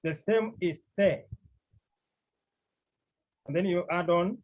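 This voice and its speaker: Slow, husky-voiced male teacher. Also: sits high, darkish tone. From Cameroon. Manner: slow, deliberate, repeats key words, clears throat often. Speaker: Greek teacher. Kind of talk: classroom lecture. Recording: dull lo-fi recording.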